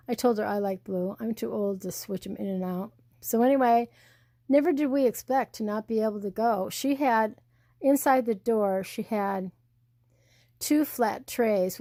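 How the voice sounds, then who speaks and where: A woman's voice: medium pitch, dark tone, no echo, studio quality. An older woman and blogger chatting in a rambling, storytelling way while showing her home. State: hard of hearing. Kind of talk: casual home tour vlog.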